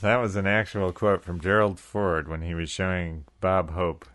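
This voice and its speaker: A man's voice: deep voice, flat delivery, moderate pace, fairly bright tone. A man co-hosting a podcast, bantering casually and laughing often as he jokes around. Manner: laughs often, jokey and rambling. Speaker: podcast co-host.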